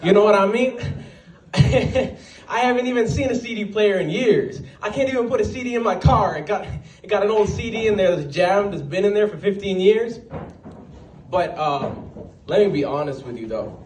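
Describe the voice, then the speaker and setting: Man doing stand-up in a roomy venue. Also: sits high. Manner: animated storytelling with quick asides and put-on voices. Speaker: stand-up comedian. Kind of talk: stand-up set at an open mic. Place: small venue at an open mic night. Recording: roomy sound, voice from a distance, faint background.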